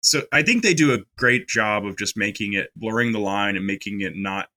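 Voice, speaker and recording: A man's voice: on the low side, a little fast, pushed and bright. A man co-hosting a podcast, talking casually about a horror film with lots of fillers and restarts. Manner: chatty, many fillers and restarts. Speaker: podcast co-host.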